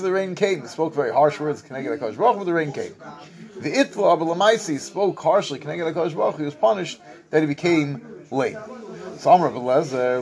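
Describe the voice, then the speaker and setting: A man with a fairly high voice leads a Talmud lesson. He chants the Aramaic text in a study-hall lilt, then explains it plainly, often restarting his phrases. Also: darkish tone. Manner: reads Aramaic text then translates in a sing-song study cadence. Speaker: Talmud teacher.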